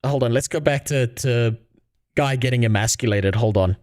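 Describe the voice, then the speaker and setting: A man's voice: mid-range voice, normal speed, a little mellow. A man ranting sarcastically and with a lot of swearing while streaming. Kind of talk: casual live-stream commentary.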